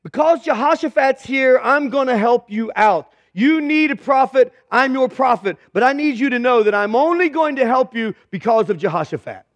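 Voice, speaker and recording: A man's voice: very high-pitched, animated, normal speed, few pauses, no room sound. A man voicing an exasperated male prophet who bluntly scolds kings, in a sermon retelling. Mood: stern. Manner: sarcastic, blunt.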